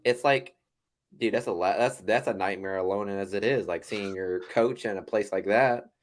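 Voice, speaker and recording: A man's voice: lowish voice, moderate pace. A man co-hosting a casual movie podcast, laid-back, swearing casually and saying "like" a lot. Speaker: podcast co-host.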